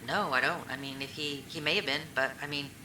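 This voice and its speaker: A woman's voice: extremely low pitch, fairly even intonation, fairly quick, sharp tone. A woman answering questions in a recorded police interview, rambling and retelling old conversations with lots of fillers. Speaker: witness being questioned. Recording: echoey room recording, faint hiss.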